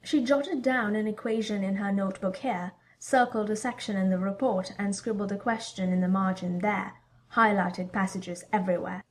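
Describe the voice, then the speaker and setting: A woman narrating a fan-fiction story as an audiobook reader, in an even storytelling manner. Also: mid-range voice, normal speed.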